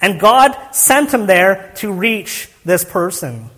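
A young man delivers an earnest sermon, asking his listeners rhetorical questions and often restarting his phrases. His voice sits high for a man. The sound carries a long reverb from a church hall. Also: lively intonation, slow, bright, forceful tone. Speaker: pastor.

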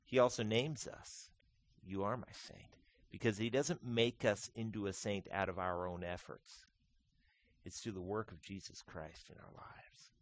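A man preaching a sermon as pastor, swinging between quiet intimate lines and loud, emphatic, repeated declarations. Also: mid-range voice. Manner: slow deliberate delivery with repeated phrases.

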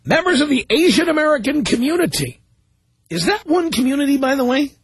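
A man's voice: very high-pitched, big pitch swings, brisk, no echo. A man hosting a talk radio show, reading news stories aloud and commenting on them sarcastically.

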